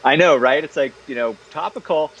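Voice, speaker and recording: A man guesting in a casual interview conversation, talking about his books in an animated, chatty way, full of fillers and restarts. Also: fairly high pitch, a little fast, dull audio, crowd noise. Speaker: guest, parenting author.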